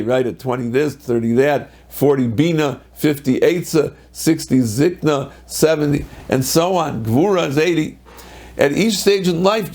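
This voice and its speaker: Male rabbi, somewhat high voice, gravelly, lively storytelling Torah class, quotes and translates texts. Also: low-quality recording. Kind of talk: Torah class on the weekly portion.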